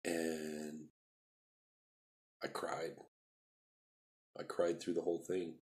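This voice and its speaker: Low-voiced man rambling through his life story. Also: level tone, extremely slow, darkish tone. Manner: rambling, repeats himself, acts out quoted dialogue. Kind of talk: casual personal storytelling, live stream.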